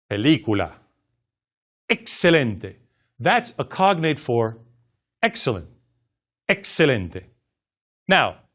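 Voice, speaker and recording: A man teaching a language lesson in a scripted narration, speaking slowly with careful, exaggerated enunciation for repeat-after-me drills. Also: fairly high pitch.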